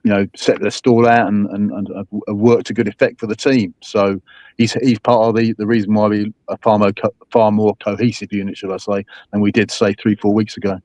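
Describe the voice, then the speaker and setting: A man's voice: on the low side, little pitch movement, fairly quick, a little mellow, dry recording. A man on a football podcast talking in a rambling, hesitant way with many fillers. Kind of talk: casual football chat.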